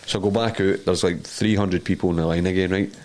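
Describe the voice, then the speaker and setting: A man's voice: low voice, fairly even intonation, quick pace, darkish tone. A Scottish man in his thirties, co-hosting a podcast, telling rambling stories in casual chat, laughing as he talks and dropping into put-on voices. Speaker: podcast co-host.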